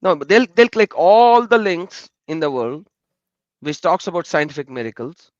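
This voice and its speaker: In a muffled recording without echo, a live stream host with a somewhat high voice talks at a moderate pace. He is an animated, laughing storyteller who keeps turning to viewers in the chat during this casual conversation.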